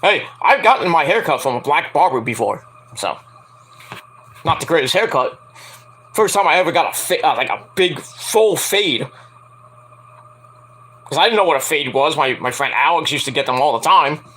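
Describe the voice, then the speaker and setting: A young man chats loosely through a wrestling review, cursing freely and breaking into high put-on voices when he quotes people. His voice is bright and forceful, and his pitch leaps up and down with a lively swing. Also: normal speed, long pauses, breathy edge. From Antiguan and Jamaican family. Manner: rambling, profane, acts out quotes in high voices. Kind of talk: casual solo review chat.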